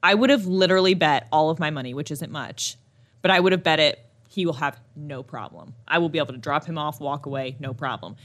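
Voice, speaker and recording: A young woman co-hosting a podcast, telling stories in a casual, animated way with lots of laughter. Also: low voice, fairly quick. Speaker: podcast co-host. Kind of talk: casual chat.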